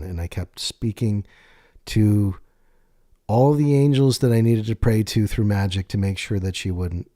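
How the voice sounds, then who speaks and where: A man telling his own life story in a candid, profane way, slowing down on emphatic words. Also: lowish voice, warm tone, no echo, studio quality. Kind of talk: personal storytelling monologue.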